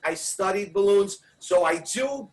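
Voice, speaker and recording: Older jokey man, high voice, far from the mic. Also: lively intonation, measured pace. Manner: jokey, exuberant, loud bursts. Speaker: balloon artist guest. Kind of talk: comic casual chat.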